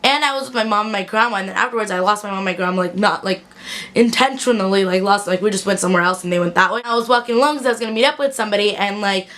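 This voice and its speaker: Fast-talking young woman telling a story. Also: medium pitch, a bit bright. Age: young adult. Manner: chatty storytelling full of "like" fillers. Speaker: vlogger. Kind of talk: casual story time.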